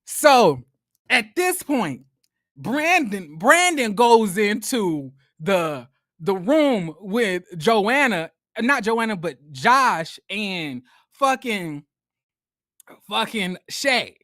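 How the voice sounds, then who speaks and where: A man recapping a reality show in a casual commentary vlog, talking to viewers as y'all in an animated, profane way. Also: sits high, drawn-out words, dry recording, clean studio sound.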